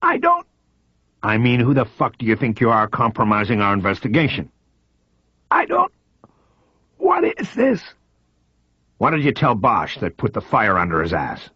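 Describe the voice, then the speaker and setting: A man voicing a paralyzed former cop who speaks in a strained, raspy voice. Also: fairly low pitch, huge pitch swings, normal speed, long pauses, pushed and bright, no echo, highs cut off, pitched above the performer's own voice, full character voice. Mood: defiant.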